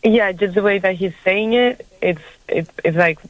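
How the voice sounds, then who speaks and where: A woman's voice: mid-range voice, no echo. Hesitant woman caller on a dull line. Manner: hesitant, halting. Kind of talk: phone-in call.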